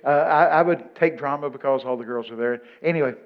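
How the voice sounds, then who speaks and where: A man from Texas with a Texan accent, telling a humorous story to a live audience. He swings from mumbled asides to loud exclamations. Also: mid-range voice, fairly quick, highs cut off. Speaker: speaker addressing an audience.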